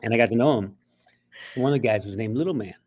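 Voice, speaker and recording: Animated storytelling man. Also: on the low side, fast talker, husky. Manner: animated, acts out voices, frequent restarts. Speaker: writer and actor, guest. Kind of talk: interview storytelling.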